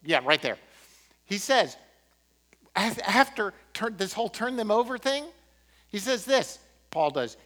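A man preaching a sermon as pastor, impassioned, swinging from emphatic peaks to quiet, earnest moments. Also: sits high, sing-song, unhurried, pauses often. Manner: impassioned, rising to emphatic peaks then dropping to quiet prayer.

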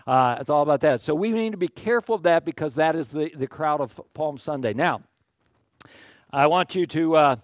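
Male pastor, casual talking sermon, keeps asking "okay?", voice a touch high, dry close sound. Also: dry recording. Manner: conversational, animated, acts out crowd quotes; checks in with "okay?" often.

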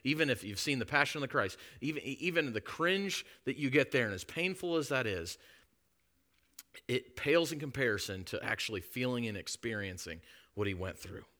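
Male preacher, emphatic sermon delivery, bright tone, hushed to loud. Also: mid-range voice, animated, normal speed.

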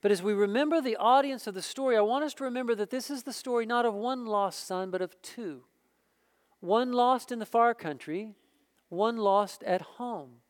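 A man's voice: extremely high pitch, normal speed. A pastor preaching a sermon, emphatic and repeating words as he builds each point.

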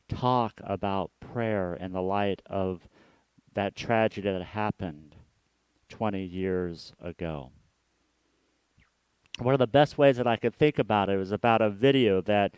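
A man preaching a reflective sermon as a pastor. He often repeats words and trails off softly at the ends of his phrases. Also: fairly low pitch, clear, resonant tone, no room sound.

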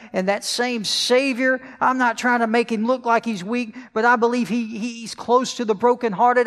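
A man's voice: high voice, in a large hall. A male pastor preaching a sermon, asking the congregation questions as he goes.

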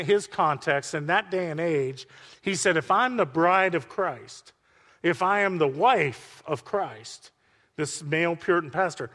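Preaching man, big hall echo. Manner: swings from soft, intimate lows to loud, shouted climaxes. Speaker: pastor. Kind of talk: sermon.

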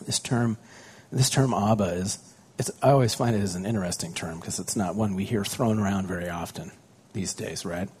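A man's voice: on the low side, normal speed, hardly any pauses, a little mellow, breathy edge. A man, a pastor, preaching a conversational sermon with stories about his young children, often asking the congregation questions.

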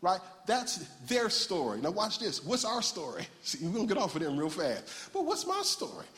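Playful high-voiced preacher in a reverberant hall. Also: male voice, wildly swooping pitch, normal speed, a bit bright. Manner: playful, banters with the congregation. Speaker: pastor. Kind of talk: sermon. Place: large church hall.

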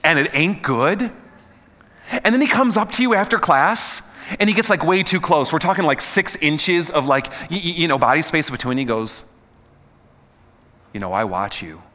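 A man's voice: fairly high pitch, animated, moderate pace, bright, forceful tone, big-room sound. A middle-aged man preaching a conversational sermon, peppering the audience with questions and tripping over repeated words. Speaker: pastor.

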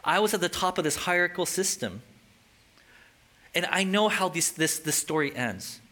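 A man's voice: high-pitched, lively intonation, normal speed, sharp tone. A man voicing the apostle Paul as an exasperated, fiercely passionate older man speaking emphatically. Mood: earnest.

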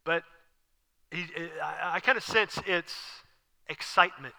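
Brief: animated male pastor, high, very bright and forceful voice, echoey hall. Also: measured pace, vocal fry, long pauses. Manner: animated, conversational preaching with asides and laughs. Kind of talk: sermon.

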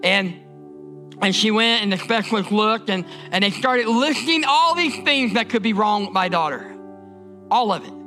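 High-voiced preaching man, bright. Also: lively intonation, moderate pace, faint music behind. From Indiana, US. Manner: emphatic, repetitive preaching with stammered restarts. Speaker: pastor. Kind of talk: sermon.

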